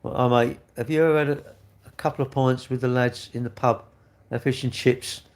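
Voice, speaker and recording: A man's voice: medium pitch, fairly even intonation, brisk. An older English man hosting a casual livestream, reading out viewer comments and answering them with blunt, cheeky banter. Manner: banter, cheeky and blunt, dropping "mate" and "innit". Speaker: livestream host.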